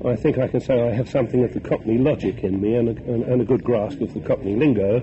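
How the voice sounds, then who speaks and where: A man's voice: medium pitch, fast. Hesitant man with a cold on old radio. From North London. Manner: hesitant, many ums, earnest. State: has a bad cold. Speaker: radio phone-in guest, poet and author. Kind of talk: live radio interview. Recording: dull old radio broadcast with noise.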